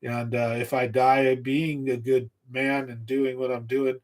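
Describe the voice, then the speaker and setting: A man hosting a fishing livestream, casually telling a rambling story from his youth in an animated way and laughing at it. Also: medium pitch, unhurried. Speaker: fishing channel livestream host.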